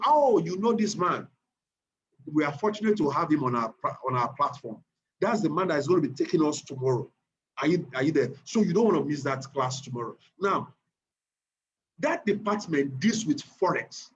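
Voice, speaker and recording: A man's voice: a little high, brisk. A man with a Nigerian accent teaching an online trading class, repeating phrases and often checking whether his listeners are following. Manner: animated, repeats phrases, keeps checking the audience. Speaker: trading instructor. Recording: muffled lo-fi recording with faint noise.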